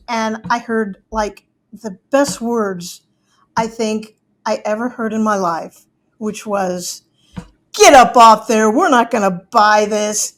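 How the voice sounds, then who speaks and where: A middle-aged woman telling a personal story in a chatty way, acting out the people she quotes. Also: mid-range voice.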